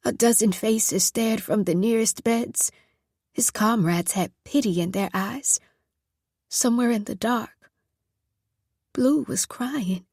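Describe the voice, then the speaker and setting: A woman reading a novel aloud in steady, measured narration. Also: on the high side, breathy edge, no echo, studio quality. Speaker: audiobook narrator. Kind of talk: scripted narration.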